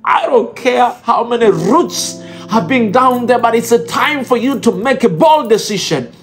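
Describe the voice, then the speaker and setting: A man's voice: very high-pitched, animated, a little slow, fairly bright tone, faint music behind. A man with an East African accent making an impassioned, pleading appeal to his viewers, repeating his phrases for emphasis. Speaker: video blogger addressing viewers. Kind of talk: impassioned direct-to-camera appeal.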